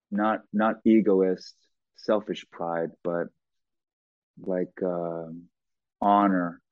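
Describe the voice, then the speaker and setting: A middle-aged man being interviewed, telling a personal story bluntly and profanely, with halting restarts. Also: deep voice, no echo. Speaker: guest. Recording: tinny phone-like line, dry.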